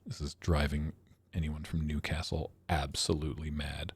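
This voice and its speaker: A man's voice: a bass voice, little pitch movement, moderate pace, slightly rough. A man streaming a geography guessing game, thinking aloud and poking fun at his own guesses. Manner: thinking aloud, self-mocking, chuckling. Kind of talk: casual livestream commentary.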